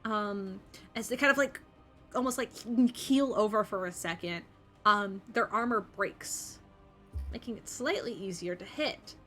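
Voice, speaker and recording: A woman's voice: mid-range voice, measured pace, sharp tone, faint music behind. A young woman narrating as game master of a tabletop game, chatty and full of fillers. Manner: chatty, lots of um and like.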